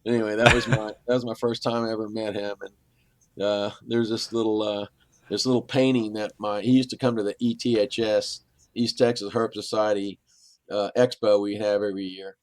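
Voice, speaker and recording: Middle-aged guy rambling through an old story, kinda low voice, dead dry sound. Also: flat delivery, normal speed, dry recording. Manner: rambling anecdotal telling with quoted dialogue. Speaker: guest. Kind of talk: casual storytelling.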